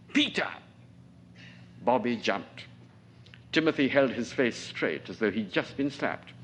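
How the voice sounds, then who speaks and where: Man in his forties reading fiction, lively intonation. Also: lowish voice, a little hiss or hum. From Trinidad. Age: 40s. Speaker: novelist. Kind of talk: reading his own fiction aloud at a lecture.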